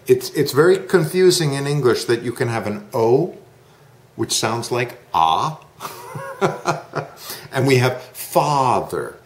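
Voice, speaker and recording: A man teaching English pronunciation in a one-to-one lesson, modelling sounds slowly and patiently. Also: medium pitch, lively intonation, reverberant, slight background noise.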